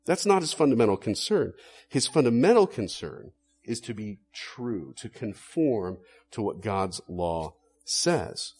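A man delivers a sermon with a lively, rising and falling voice. He speaks earnestly, leaning on rhetorical questions and pressing hard on key words. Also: fairly low pitch, measured pace, breathy edge. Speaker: preacher.

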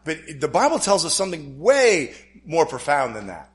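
A man's voice: on the high side, very animated, normal speed. A man preaching a sermon, emphatic, repeating key phrases and acting out the lines he quotes.

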